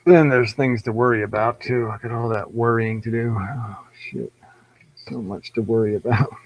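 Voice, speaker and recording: A man's voice: mid-range voice, fairly even intonation, normal speed. A man with an American accent hosting a live stream alone, rambling in a wry, profane, self-mocking way. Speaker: livestream host. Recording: dull lo-fi livestream audio.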